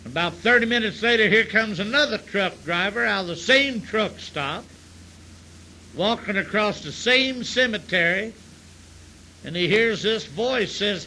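A man's voice: high voice, normal speed, vocal fry, sharp tone, a little hiss or hum, rough recording. A tipsy man telling crude jokes in a rambling, profane way, often repeating himself. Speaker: stand-up comedian.

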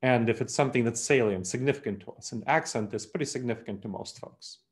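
Male keynote speaker, middle-pitched, animated and emphatic delivery. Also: fast talker. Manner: animated, emphatic, with light laughs and asides. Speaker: speaker on unconscious bias. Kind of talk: presentation talk.

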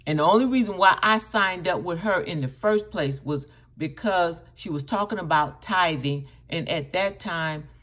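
A woman's voice: fairly low pitch, normal speed, few pauses, fairly bright tone. A woman hosting a reaction channel, commenting on clips in an emphatic, scolding way. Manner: scolding, emphatic, addresses the other speaker directly.

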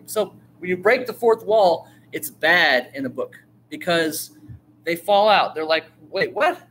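A man teaches storytelling to a class in an animated, chatty way, acting out quotes and throwing questions to the room. His voice sits a little high. A faint hiss runs under the recording. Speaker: writing teacher. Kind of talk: lively classroom talk on storytelling.

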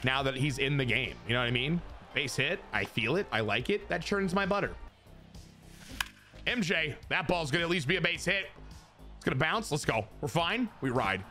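A young man casually commentating his baseball video game to chat, excitable and crude, swinging between joking rants and hype. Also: on the high side, moderate pace, faint music behind. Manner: crude, self-mocking humor.

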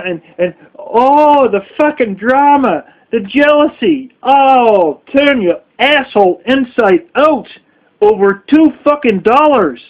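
A man vlogging in a scornful, heavily profane rant. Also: high voice. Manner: scornful, heavy swearing. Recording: dull lo-fi recording.

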